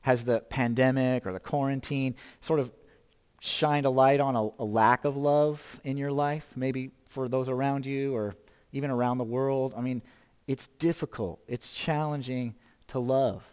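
A pastor in his fifties preaches a sermon in a large hall, his mid-range voice steady, clean, and darkish in tone, his pace a little slow. He keeps it conversational, posing rhetorical questions to listeners and joking at his own expense.

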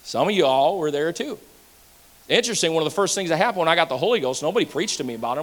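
A pastor preaching a sermon, animated and playful, swinging between loud passages and hushed asides. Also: male voice, fairly high pitch, fast talker. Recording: hall reverb.

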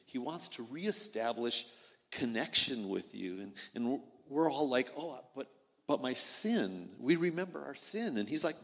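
A man telling an illustration at church in an animated way, acting out voices and often restarting. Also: medium pitch, measured pace, gravelly, big-room sound. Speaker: church member sharing an illustration. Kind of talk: spoken illustration.

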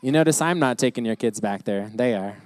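A man's voice: medium pitch, expressive, fairly quick, darkish tone, dry recording. Playful pastor, man, dry sound. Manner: playful, laughing asides. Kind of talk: sermon. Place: church service.

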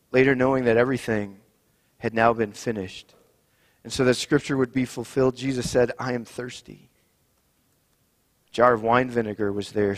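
A man leading a communion service as pastor, reading Scripture and praying in a measured, solemn way. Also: mid-range voice. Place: church sanctuary. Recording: long reverb in a church.

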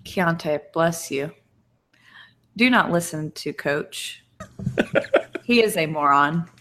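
Woman podcast guest, lower voice, blunt teasing chat. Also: lively intonation, slow pace, bright, forceful tone. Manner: blunt, teasing, laughs between points.

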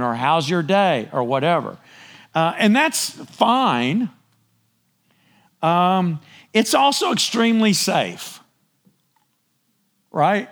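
A man preaching a sermon in a conversational way, often asking his listeners for agreement and clearing his throat. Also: a little high. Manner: conversational, asks the congregation for agreement. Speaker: pastor.

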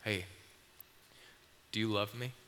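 A preacher voicing Jesus, gently questioning. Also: male voice, lowish voice, fairly even intonation, slow. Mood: gentle. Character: Jesus, calm man gently questioning a friend. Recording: long hall reverb, faint noise.

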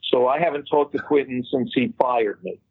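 Husky-voiced man telling a story. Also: medium pitch, normal speed, dry recording, narrow, tinny audio. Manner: chatty storyteller, swears freely, laughs at his own punchlines. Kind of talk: casual anecdote over a call.

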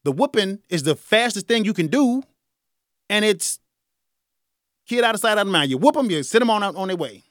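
A man in his forties hosting a radio talk show, speaking in a casual, animated way with frequent chuckles. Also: high-pitched, brisk, long pauses, dry recording, clean studio sound. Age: 40s. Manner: animated, conversational, chuckles often. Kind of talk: solo talk radio monologue.

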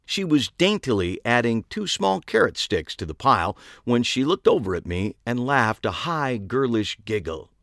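A man's voice: medium pitch, sing-song, normal speed, vocal fry, hardly any pauses, a bit bright, no echo. A man narrating a story in the first person, dry and wry in tone. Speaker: audiobook narrator.

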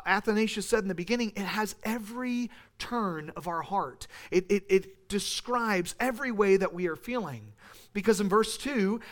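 A man with a notably high voice delivers an earnest sermon from the pulpit. He explains scripture steadily, then lifts his voice as he calls out the pleas of the psalm. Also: a bit bright. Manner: earnest preaching, voice rising when voicing the psalmist's pleas. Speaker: pastor. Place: church sanctuary.

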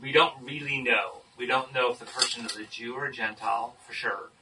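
A man leading a Bible study discussion, explaining scripture in an emphatic, animated teaching manner. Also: mid-range voice, fairly quick. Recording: distant mic with faint noise.

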